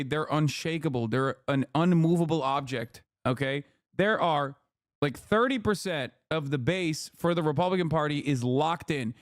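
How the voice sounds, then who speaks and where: Male streamer, high-ish voice, dry mic, profane and animated in his reaction commentary. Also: dry recording. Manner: animated, profane, repeats "okay?". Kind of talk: casual political commentary.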